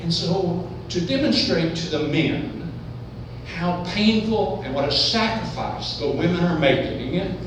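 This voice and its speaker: Man, high lively voice, comic storyteller playing it up, heard from afar in an echoey hall. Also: unhurried. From Oklahoma. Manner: animated, playfully exaggerating. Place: event hall, indoors. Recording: echoey hall, distant mic, background noise.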